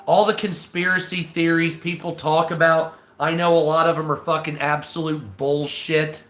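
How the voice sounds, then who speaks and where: Man, streamer, casual rant, profane, stammering, throat-clearing, sharp bright tone, roomy echo. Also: fairly high pitch, flat delivery, moderate pace. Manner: profane, exasperated, restarts and stammers.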